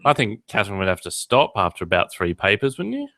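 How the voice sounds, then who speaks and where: Joking low-voiced male podcast host. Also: very animated, fast, a bit bright, no echo. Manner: joking, chatty, with many fillers. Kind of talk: casual chat.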